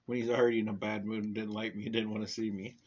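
A man co-hosting a casual podcast, teasing and laughing often, with a husky voice. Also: fairly low pitch, flat delivery, quick pace, darkish tone. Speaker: podcast co-host. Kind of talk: explicit casual chat. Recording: dull lo-fi recording.

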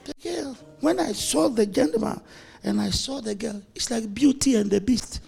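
A man's voice: very high-pitched, animated, normal speed, vocal fry, a little mellow, breathy edge, faint music behind. A male pastor preaching a playful, anecdotal sermon, laughing often as he tells stories. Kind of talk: storytelling sermon.

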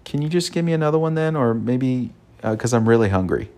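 A man's voice: mid-range voice, lively intonation, fairly quick, a little mellow, voice pushed up, natural voice. A man voicing a young boy who complains that his food was taken, in a whiny, pleading tone. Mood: hurt complaint. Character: young boy, upset but polite.

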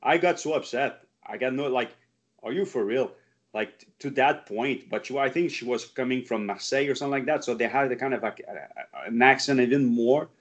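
A French-speaking man from Quebec with a Quebec French accent, a karate teacher who is a guest and talks in a halting, frank, swearing way with many restarts. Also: mid-range voice. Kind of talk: casual interview chat. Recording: muffled lo-fi audio.

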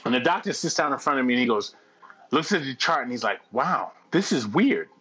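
A middle-aged man telling a long anecdote in casual chat, profane and animated, laughing as he goes. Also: medium pitch, fast, slightly rough, soft background music.

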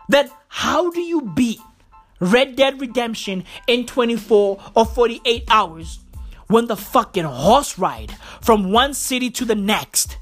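A woman delivering a profane comic rant, emphatic and swearing constantly, peppered with "bro.". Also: mid-range voice. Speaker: vlogger.

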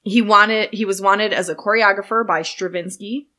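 Relaxed woman host telling a story. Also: medium pitch, moderate pace. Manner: relaxed, stumbles over names. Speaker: podcast host presenting a history segment. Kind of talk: casual chat.

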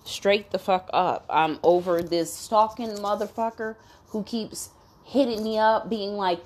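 A woman's voice: mid-range voice, steady tone, unhurried, darkish tone. A woman ranting bluntly, swearing constantly and asking "you know what I'm saying?" between fired-up, indignant complaints. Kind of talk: profane venting rant.

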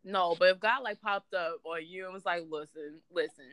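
A woman's voice: on the low side, fairly even intonation, fairly quick, fairly bright tone, smooth, no echo. A woman co-hosting a casual chat, laughing often and talking in slang.

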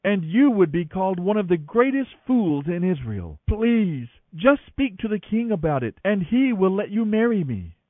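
A man's voice: high voice, fairly quick, hardly any pauses, dry recording, voice pushed up, natural voice. A man voicing a young woman who pleads in distress, his voice raised and urgent, over a tinny radio line. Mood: pleading.

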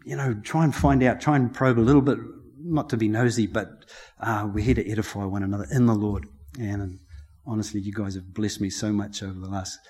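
A man's voice: on the low side, fairly even intonation, fairly quick, a little mellow, slightly rough. A middle-aged man speaks to his congregation before preaching. He talks in a chatty, heartfelt way, laughing often and getting emotional as he shares his testimony. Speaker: lay preacher. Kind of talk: personal testimony before a sermon.

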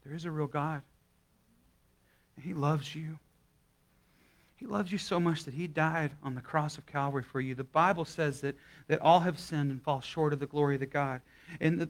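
A young adult man preaching to his congregation in a folksy, conversational way, telling a story and then leading a prayer. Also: fairly high pitch. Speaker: guest pastor. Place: church service before a live congregation.

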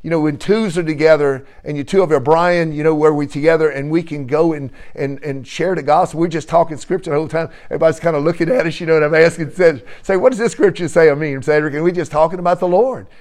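A man leading a church gathering, telling an animated testimony with laughter and frequent praise. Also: a little high, fast talker, hardly any pauses. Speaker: church fellowship leader.

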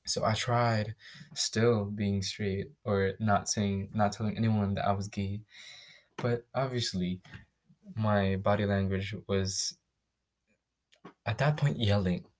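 A young man from the Philippines hosting a podcast, telling his own story in a casual, candid, profane way with quick restarts. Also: fairly low pitch, fairly even intonation. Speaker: podcast host.

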